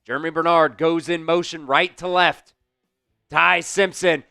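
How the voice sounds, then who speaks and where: A hoarse man, hosting a fan livestream of a football game, calling plays, shouting and chanting in excitement. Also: fairly high pitch, measured pace, no echo, clean studio sound, faint music behind. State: hoarse, voice worn out. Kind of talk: live fan play-by-play watch-along.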